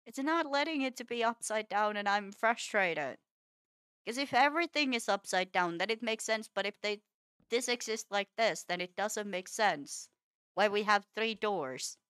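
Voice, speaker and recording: A woman's voice: medium pitch, expressive, moderate pace, a bit bright, smooth, dry recording, clean studio sound. A woman streaming a building game, chatting casually, scolding the game in playful frustration and laughing often. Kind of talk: casual gameplay chat.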